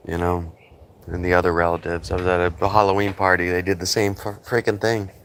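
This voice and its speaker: A man's voice: low-pitched, flat delivery, brisk, a bit bright, a little hiss or hum. A middle-aged man hosting a casual livestream, rambling chattily and greeting viewers by name. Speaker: livestream host.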